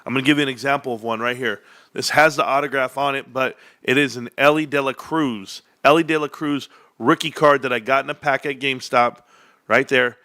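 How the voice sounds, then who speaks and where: A middle-aged man hosting a livestream, ranting in a boastful, animated way with frequent laughs. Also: mid-range voice, brisk. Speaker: stock livestream host. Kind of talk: excited stream rant.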